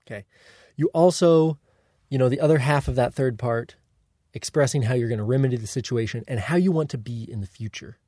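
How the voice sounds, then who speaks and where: Man coaching warmly in a dry, close sound. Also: mid-range voice, no room sound. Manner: deliberate, coaching, checks in with "okay?" and "right?". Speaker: self-help teacher. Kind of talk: instructive monologue.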